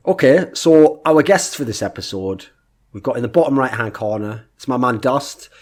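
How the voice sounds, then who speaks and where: A young man co-hosting a casual esports podcast, brash and profane, telling animated stories. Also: mid-range voice, normal speed. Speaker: podcast co-host.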